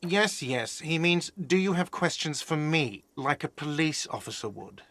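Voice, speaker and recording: A man's voice: a little high, measured pace, fairly bright tone, no room sound. An actor playing a prickly middle-aged male cafeteria manager in a video game, irritable and defensive. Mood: grumpy.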